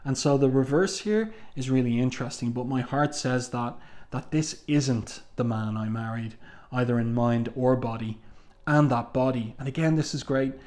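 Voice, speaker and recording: A man talks through a comic book issue in a relaxed, chatty review. His pitch sits in an ordinary middle range, and he pauses with ums while adding his own asides. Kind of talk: casual comic review, reading panel dialogue aloud.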